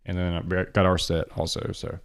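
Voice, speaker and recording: Podcast host, man, lowish voice, brash and profane, excitable casual chat. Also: moderate pace.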